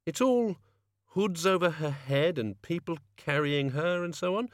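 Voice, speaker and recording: A man reading an audiobook, voicing a brisk young woman governess who gives orders impatiently. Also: a little high, no room sound, studio quality, voice pushed up, lightly acted. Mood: puzzled. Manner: commanding, impatient. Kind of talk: audiobook character voice.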